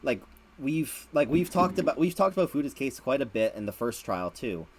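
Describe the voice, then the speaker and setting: A man's voice: medium pitch, very animated, moderate pace, husky. A man hosting a casual late-night stream chat, rambling and repeating words, laughing often. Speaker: streamer host.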